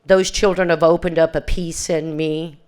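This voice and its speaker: An older woman speaks as a recovery speaker, giving heartfelt, straightforward testimony at a reunion and frequently starting sentences over or quoting past exchanges. Her voice is low, dark, clear and resonant, with little pitch movement at a normal speed.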